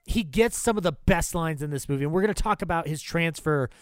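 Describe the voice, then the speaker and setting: A man chatting on a film podcast, voice sitting a bit high and recorded dry and close. He gets excitable, swears freely, and jumps into voicing movie characters as he retells scenes. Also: brisk, dry recording. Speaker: podcast host. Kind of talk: casual film podcast chat.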